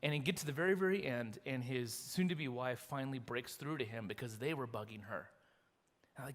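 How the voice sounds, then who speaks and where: A man preaching a sermon as pastor, retelling a story in a lively, animated way with acted quotes. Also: medium pitch, a little fast. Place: church sanctuary. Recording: long reverb of a church hall.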